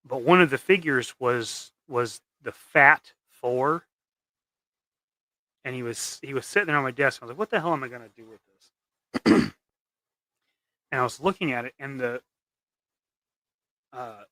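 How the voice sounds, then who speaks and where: A man's voice: mid-range voice, bright, forceful tone, no room sound. A man hosting a casual livestream while he paints custom action figures, rambling and trailing off into mumbles.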